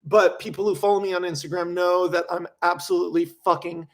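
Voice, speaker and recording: A young man chatting casually on a livestream, reading viewer questions and rambling in an animated way, with frequent swearing. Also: high voice, a little fast. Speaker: streamer.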